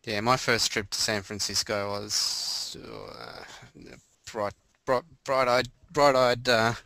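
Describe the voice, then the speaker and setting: A man co-hosting a podcast, chatting casually and telling animated stories. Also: medium pitch, takes it slowly, dry recording. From Australia. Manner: animated storyteller, acts out voices. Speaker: podcast co-host. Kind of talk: casual chat.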